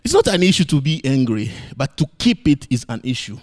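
A man preaching a sermon, playful and animated, swinging between high exclamations and low emphatic lines. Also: a little fast.

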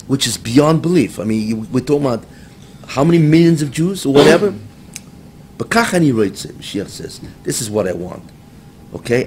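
A man's voice: on the low side, a little mellow, a little hiss or hum. A man teaching a religious text, translating and explaining it in a lecture with bursts of dramatic emphasis. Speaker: Torah teacher.

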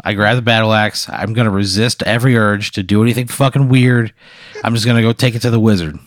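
A man co-hosting, reacting to a hypothetical in a profane, excitable way. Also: fairly low pitch, no room sound, studio quality. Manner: profane, excitable, quick to protest. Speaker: co-host answering a hypothetical. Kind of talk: improvised comedy banter.

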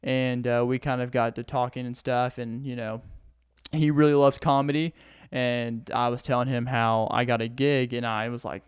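This is a young man with a smooth, resonant voice of middling pitch, hosting a casual podcast by himself. He rambles along in an upbeat, chatty way. The recording is dry and close, with no room sound. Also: level tone, moderate pace, dry recording. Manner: rambling, upbeat, self-promoting. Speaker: podcast host and comedian. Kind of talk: casual solo podcast chat. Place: a friend's house, indoors.

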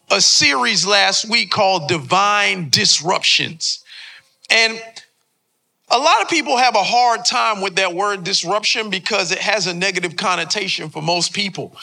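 A man's voice: high voice, gravelly, pushed and bright. A young man preaching a sermon as a pastor in a church, joking and trading call-and-response with the congregation. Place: church sanctuary before a congregation.

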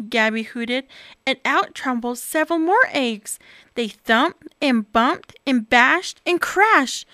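A woman reading a children's picture book aloud with expressive, animated delivery. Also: on the high side, unhurried, no room sound, studio quality. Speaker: storyteller.

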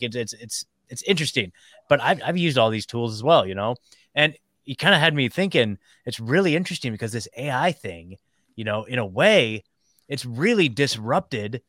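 A man hosting a podcast interview, affirming his guest and talking in a quick, conversational way. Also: medium pitch, a bit bright, no echo, studio quality. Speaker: podcast host. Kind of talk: casual interview talk.

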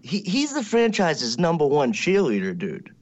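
A man's voice: fairly high pitch, wildly swooping pitch, normal speed. A man co-hosting a podcast in casual chat, laid-back, swearing freely and often cutting in. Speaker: podcast co-host. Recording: dull, muffled audio.

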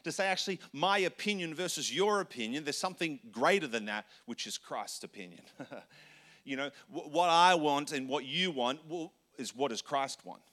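Bright-voiced male pastor preaching conversationally. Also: fairly high pitch, expressive. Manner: conversational, self-correcting, with quick asides and acted quotes. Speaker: senior pastor. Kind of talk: sermon.

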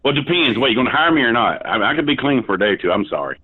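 A man, rambling loudly and crudely on a phone call and cackling between lines. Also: mid-range voice, sing-song, rapid-fire, slightly rough, no room sound. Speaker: prank call target. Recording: tinny dry phone line.

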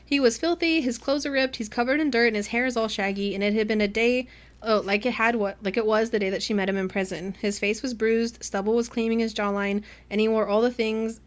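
Animated woman retelling a book. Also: on the high side, fairly quick. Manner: animated retelling with quoted character lines. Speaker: podcast co-host. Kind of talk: casual book club chat.

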